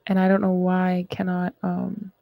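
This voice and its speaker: A woman's voice: fairly low pitch, monotone, normal speed, creaky, dry recording, narrow, tinny audio. A woman hosting a live stream, chatting casually and rambling with lots of fillers as she searches for things. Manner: frustrated, rambling, many fillers.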